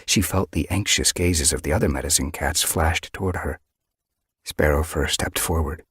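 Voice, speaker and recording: A man narrating a storybook in an expressive storytelling manner. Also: very deep voice, normal speed, husky, no room sound, clean studio sound. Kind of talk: audiobook narration.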